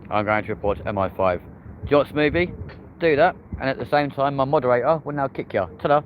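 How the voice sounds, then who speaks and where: A man's voice: medium pitch, fast talker. A man hosting a live plane-spotting stream from a hotel rooftop by an airport, chatting with viewers and cheering on the planes as they land. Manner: chatty, banters with chat, cheers on landing planes. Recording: dull lo-fi outdoor stream audio with traffic noise.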